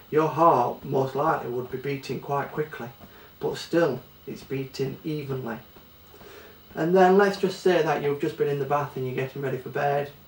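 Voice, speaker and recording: A man with a Yorkshire accent and a medium-pitched voice teaches children a music lesson, patiently breaking down pulse and rhythm one step at a time. The room is echoey and the mic sits at a distance, picking up slight background noise and faint ambience.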